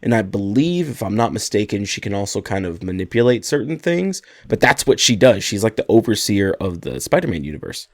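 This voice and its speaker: A man's voice: on the low side, big pitch swings, fairly quick, few pauses, dry recording, studio quality. A man co-hosting a movie podcast, explaining things in a casual, enthusiastic way. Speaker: podcast co-host. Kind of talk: casual chat.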